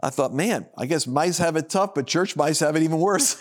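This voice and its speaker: A man minister giving a personal testimony on a broadcast, acting out the dialogue as he tells it, with loud high bursts and low quiet asides. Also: normal speed. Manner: acts out quoted dialogue in his telling.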